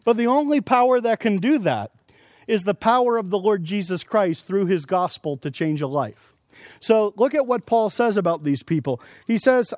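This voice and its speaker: A man's voice: sits high, expressive, normal speed, a little mellow, no room sound, clean studio sound. A man preaching a sermon at a conference, earnestly explaining scripture with everyday examples. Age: adult with young children. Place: conference session.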